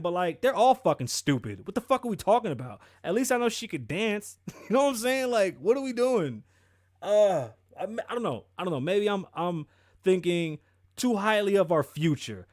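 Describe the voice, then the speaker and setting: A man, ranting in a swearing, rambling way and tripping over his words. His voice sits high for a man. The recording is dry and close, with no room sound. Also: dry recording. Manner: profane, rambling, heated rant with self-corrections. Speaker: show host. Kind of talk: ranting commentary show.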